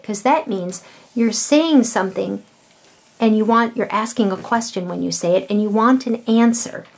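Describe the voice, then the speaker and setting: A middle-aged woman, a mother, patiently explaining vowels and punctuation to young children, with slow, drawn-out words. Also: on the high side, a little hiss or hum. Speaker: children's educational video host.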